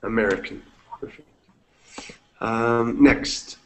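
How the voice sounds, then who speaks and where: Guy teaching english, slow and patient, drops into spanish to explain stuff. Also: mid-range voice, steady tone, a little hiss or hum. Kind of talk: one-on-one language lesson.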